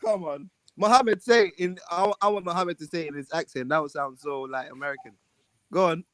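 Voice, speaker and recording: A man's voice: fairly high pitch, fairly even intonation, fairly quick, background noise. A young man, teasing his friends in casual chat and laughing a lot. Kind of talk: casual banter among friends.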